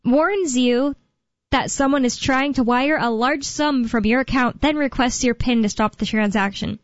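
A woman's voice: sits high, moderate pace, dry recording. A woman co-hosting a talk radio show, chatting casually and rambling with lots of fillers. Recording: dull lo-fi radio broadcast sound.

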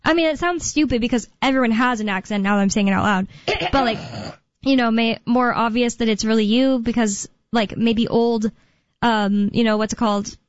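A woman's voice: a little high, normal speed, no echo. A woman hosting a talk radio show, chatting casually and rambling with fillers and laughs. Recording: dull, dry studio sound.

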